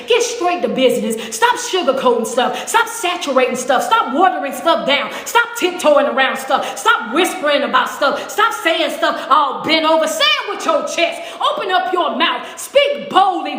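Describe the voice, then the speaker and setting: A woman's voice: high-pitched, fairly bright tone. A woman preaching a casual devotional while walking on a treadmill, emphatic and conversational. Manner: emphatic, conversational preaching with call-and-response asides. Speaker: motivational speaker and preacher. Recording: echoey room with long reverb.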